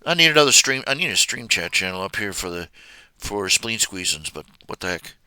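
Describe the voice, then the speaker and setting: Male streamer, slow halting casual chat, lively pitch, crisp dry voice. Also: no room sound. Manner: rambling, halting, many fillers and restarts, chuckling storyteller. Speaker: live streamer.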